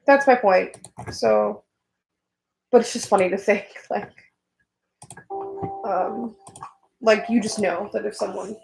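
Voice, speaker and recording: A woman's voice: medium pitch, fairly even intonation, unhurried, vocal fry, darkish tone, echoey room, slight background noise, poor audio. A young woman chatting casually while she works on a drawing, rambling and swearing, getting worked up at times. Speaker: artist vlogger.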